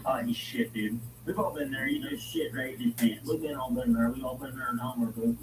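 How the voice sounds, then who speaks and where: A man from Virginia giving casual, jokey reaction commentary, dropping to whispers and jumping to yells. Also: mid-range voice, fairly even intonation, brisk, roomy sound, far from the mic, background noise. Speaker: streamer reacting to videos.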